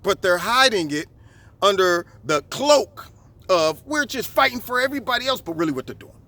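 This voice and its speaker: A man hosting a vlog, giving an animated, preachy political monologue outdoors on camera. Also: high voice. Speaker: vlog host. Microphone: camera recording himself.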